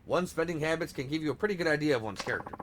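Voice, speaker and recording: A man reading aloud the lines of a calm, scheming male detective boss from a video game, with a smooth, even-tempered delivery. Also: a little high, racing, a little hiss or hum.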